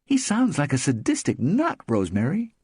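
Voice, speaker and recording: Brash, wisecracking storybook friend, pitched high by a male narrator. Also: wildly swooping pitch, normal speed, a little mellow, husky, no room sound, clean studio sound, heavily acted. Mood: indignant. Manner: blunt, sarcastic. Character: brash blunt woman friend.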